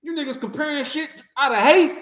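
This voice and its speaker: A man's voice: very high voice, a little fast, fairly bright tone, echoey room. A man, delivering a profane, mocking, heated boxing rant. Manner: trash-talking, mocking, heated. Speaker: boxing commentator.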